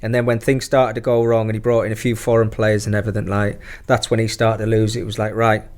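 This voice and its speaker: A man's voice: lowish voice, completely flat delivery, quick pace, darkish tone. A middle-aged man, a former footballer telling profane stories in casual chat and laughing through them. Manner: profane, laughing anecdote-teller. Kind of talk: casual storytelling.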